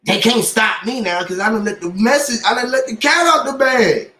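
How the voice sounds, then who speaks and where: A man in casual podcast chat, telling stories in an animated way and acting out what others said to him. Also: very high voice, moderate pace, rough recording.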